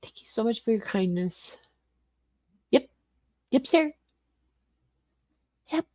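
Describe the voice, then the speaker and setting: A woman's voice: on the high side, expressive, slow, darkish tone, no echo, clean studio sound. An older woman hosting a casual livestream from her small garage suite, greeting viewers by name and rambling through the chat. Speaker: livestream host.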